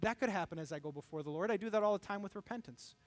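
High-voiced animated male preacher. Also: very fast. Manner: animated, acts out quoted voices with rising pitch. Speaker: pastor. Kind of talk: sermon.

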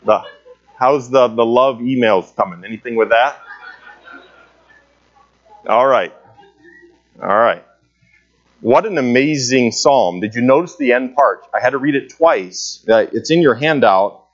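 A man's voice: medium pitch, measured pace, long pauses, lo-fi sound. A man teaching a church Bible class in a conversational way, with many filler sounds, asking the class questions. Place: church meeting room.

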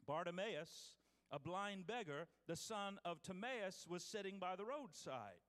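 A man's voice: sits high, animated, a little slow, fairly bright tone, long reverb tail. A man preaching a sermon as pastor, reading scripture aloud with restarts and calling out to his congregation.

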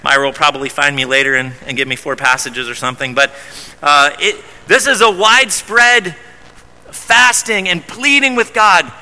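Man preaching, high bright voice, emphatic, stumbles and repeats words, long hall reverb. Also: fairly even intonation, normal speed. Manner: emphatic, repeats words when starting phrases. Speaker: pastor. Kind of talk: sermon.

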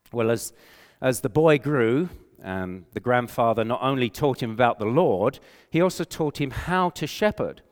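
An older man preaching a sermon with earnest conviction, slowing and softening when he quotes scripture. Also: mid-range voice, smooth. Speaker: pastor. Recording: reverberant hall.

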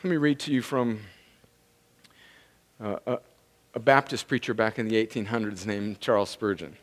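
A man preaching a sermon as pastor, intense, rising from conversational talk to impassioned, shouted pleading. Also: fairly low pitch, steady tone, moderate pace.

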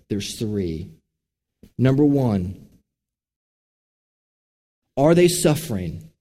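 A man's voice: mid-range voice, dark tone. A man preaching a sermon, telling stories in an earnest, direct way from a church sanctuary. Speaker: pastor. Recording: long reverb of a large hall.

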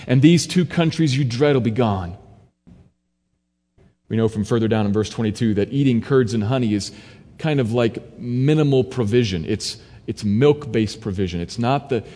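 A man of middle pitch delivering a sermon, walking through scripture verse by verse like a teacher. His voice carries a long reverb, as if recorded in a large church hall. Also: mellow. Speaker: pastor.

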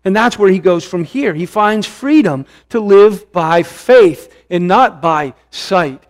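A middle-aged man preaching a sermon, earnest, often repeating phrases for emphasis and slowing down to stress key words. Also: high-pitched, animated. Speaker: pastor.

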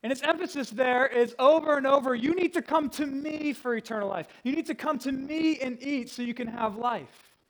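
A man's voice: very high voice, normal speed, a bit bright, poor audio. A man preaching a sermon to a congregation, teaching verse by verse and laying out a plain outline. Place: room with a congregation.

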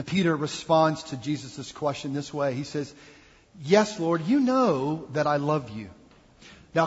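Husky-voiced man preaching in a reverberant hall. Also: on the high side. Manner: earnest, reflective preaching with acted quotes. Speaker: pastor. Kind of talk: sermon. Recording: dull sound with long hall reverb.

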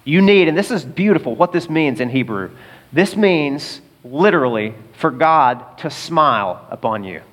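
A man preaching a sermon as pastor, emphatic, asking the congregation rhetorical questions and swinging between loud bursts and quiet asides. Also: a little high, expressive, normal speed. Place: large auditorium. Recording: long hall reverb.

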